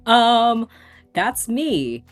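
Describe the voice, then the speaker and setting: Slow, soft-spoken woman player. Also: fairly high pitch, no echo. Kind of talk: casual chat.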